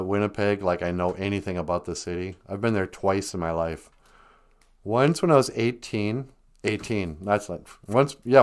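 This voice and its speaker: A man from north central Minnesota hosts a casual live stream, playfully chatting and chuckling as he greets viewers. His voice is lowish, smooth, and a little mellow.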